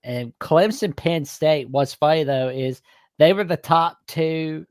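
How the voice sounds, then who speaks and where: A man's voice: fairly high pitch, slow pace, smooth. A young man co-hosting a sports call-in show, chatting casually and hedging his opinions as he thinks aloud.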